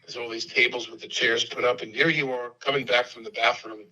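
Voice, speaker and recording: A man in his sixties hosting a podcast, telling animated anecdotes and slipping into put-on voices. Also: mid-range voice, brisk, rough recording. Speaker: podcast host. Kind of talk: casual storytelling interview.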